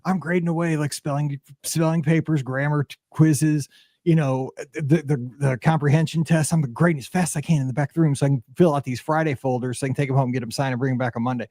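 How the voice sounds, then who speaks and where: Chatty man with a bright, dry voice. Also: fairly high pitch, fast, no room sound. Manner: rambling storyteller with many fillers, animated. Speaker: podcast host. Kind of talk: casual podcast chat.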